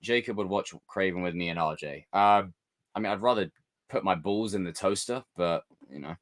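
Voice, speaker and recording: A man's voice: sits low, normal speed. A man hosting a casual live stream, chatting with his viewers and joking with them. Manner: animated, jokey, talks to chat.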